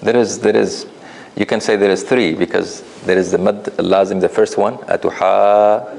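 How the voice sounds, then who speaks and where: A man's voice: fairly low pitch, steady tone, moderate pace, creaky. A man teaching a tajweed class, correcting students' recitation with patient explanations. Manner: gentle corrective explanations with light laughs.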